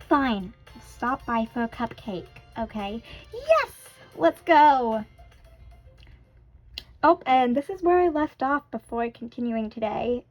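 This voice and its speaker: A young woman with a high voice plays a visual novel and reads its lines aloud, breaking off into chatty, self-conscious asides. The recording sounds slightly dull and muffled, like a basic home mic. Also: dry recording. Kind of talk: casual let's-play narration with character voices.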